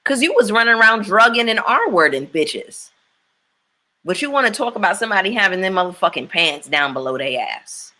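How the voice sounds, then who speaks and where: Woman, casual chat host, bright tone, blunt, swears a lot, opinionated. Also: mid-range voice, sing-song, moderate pace. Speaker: host reacting to reality TV.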